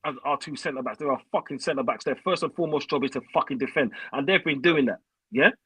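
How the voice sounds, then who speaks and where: A man's voice: medium pitch, quick pace, fairly bright tone, breathy edge, no echo, poor audio. A young man, calling in as a fan and ranting angrily, swearing, in heavy slang. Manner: swearing, heated, uses slang. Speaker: caller. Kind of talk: angry fan rant.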